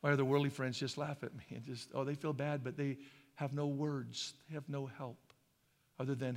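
A man from Idaho preaching a sermon as a pastor, shifting between hushed, slow passages and loud, fervent ones. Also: mid-range voice, little pitch movement. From Boise, Idaho. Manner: impassioned, swings from hushed to loud. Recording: long hall reverb.

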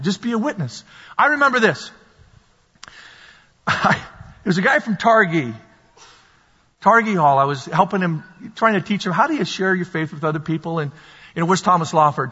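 A man preaching a sermon as pastor, animated and storytelling, sometimes shouting at the peaks. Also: on the high side, husky. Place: church sanctuary. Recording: dull sound in a large reverberant hall.

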